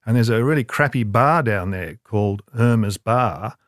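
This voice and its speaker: A man's voice: on the low side, expressive, moderate pace, no echo, clean studio sound. An older man, telling long self-deprecating anecdotes as an interview guest, with many restarts. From Australia. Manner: rambling, self-deprecating storyteller with frequent restarts. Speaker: guest, advertising creative.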